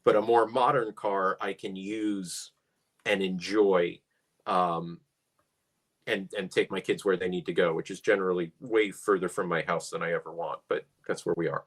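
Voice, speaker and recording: Relaxed low-voiced man chatting about cars. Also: moderate pace. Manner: relaxed, musing, dry humor. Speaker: podcast co-host. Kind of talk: casual car chat.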